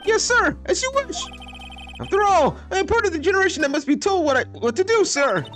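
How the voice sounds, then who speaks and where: A shrill, overeager young cop from a courtroom game. He yelps every line high and loud, like he's reporting to a drill sergeant, always tacking on "sir." His voice leaps all over the place, with faint music underneath. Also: very animated, a little fast. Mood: eager. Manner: shouting, ends lines with "sir". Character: eager young male police officer, jumpy.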